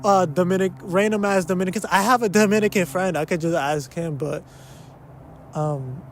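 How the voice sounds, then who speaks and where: A man's voice: sits high, moderate pace, soft background music. A young man hosting a podcast in casual solo chat. He rambles, cuts himself off, swears and slips between English and Spanish. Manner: rambling, self-interrupting, sprinkles in curse words. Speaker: podcast host. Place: a spot in an uptown neighborhood of a big city.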